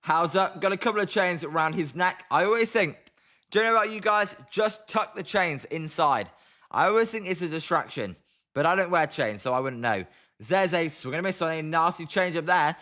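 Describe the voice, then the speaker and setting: British man, live-stream baseball caller. Bright, slightly high voice, chatty and relaxed. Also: moderate pace. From Britain. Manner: chatty, greets viewers by name between pitches. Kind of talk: casual live play-by-play and chat reading.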